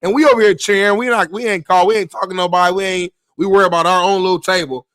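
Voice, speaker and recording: A man's voice: sits high, fairly even intonation, rapid-fire, a bit bright, clear, resonant tone, no echo, clean studio sound. A man hosting a sports talk show, telling a story in loose, slangy casual chat. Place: Los Angeles area.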